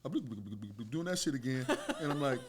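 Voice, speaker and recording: A man in his forties, a former fighter, spinning stories in loose conversation. His speech is blunt and peppered with profanity, and it turns animated as the tales build. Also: mid-range voice, quick pace, background noise. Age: 40s. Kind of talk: casual storytelling chat.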